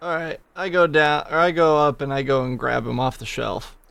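Gravelly man playing a tabletop game. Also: on the high side, normal speed, a bit bright, no room sound. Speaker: player. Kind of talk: casual tabletop play.

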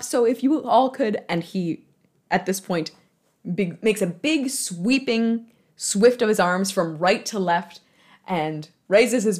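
A young woman from Michigan in her twenties, chatting casually in a rambling way about her work in theater, full of fillers and self-mocking laughs. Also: fairly low pitch. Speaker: theater marketing worker. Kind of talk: casual storytelling monologue.

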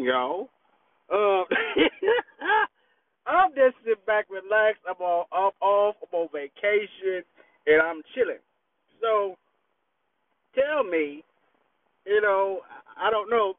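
A high-pitched man rambles, a bit tipsy, swearing and laughing easily. The sound is dry and tinny, like a phone call. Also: dry recording. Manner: profane, laid-back, laughs often. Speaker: vlogger. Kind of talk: casual rambling chat. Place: parked vehicle in a park.

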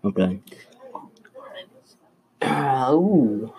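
Husky-voiced young man trash-talking. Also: medium pitch, very slow, rough recording. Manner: loud, animated storytelling with slangy trash talk. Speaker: joke teller. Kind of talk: casual joke telling.

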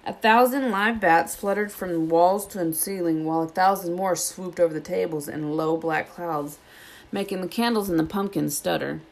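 Low gravelly woman reading a storybook. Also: normal speed. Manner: steady, plain narration. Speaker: storybook reader. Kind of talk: reading a novel aloud.

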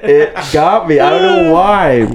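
A man co-hosting a casual film podcast, talking in a halting way with frequent restarts. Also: fairly high pitch, over a noisy crowd. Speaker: podcast co-host.

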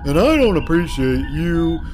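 A man's voice: fairly high pitch, big pitch swings, measured pace, music in the background. A man hosting a comedy podcast, rambling through tangents and stumbling over repeated words. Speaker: podcast host.

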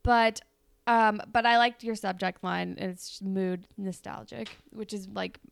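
A woman's voice: mid-range voice, steady tone, measured pace, vocal fry, clear, resonant tone, no echo. A young woman co-hosting a podcast, chatting casually and telling a breezy fan fiction story with giggles and lots of "like". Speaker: podcast co-host.

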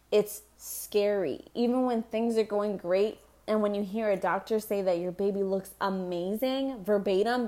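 A young woman telling her pregnancy story in a candid personal vlog, rambling, laughing often and swearing freely. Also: mid-range voice. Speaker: expectant mother.

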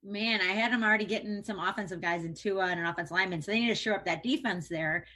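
A woman on a casual sports panel who talks confidently and gives quick reasons for her picks. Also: mid-range voice, bright, forceful tone.

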